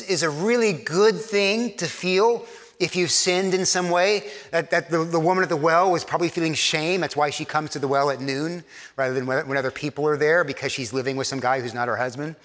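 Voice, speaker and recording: A man's voice: a little high, fairly bright tone. A man preaching a sermon in a conversational way, often repeating words and acting out imagined quotes. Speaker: pastor. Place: church. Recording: long church reverb.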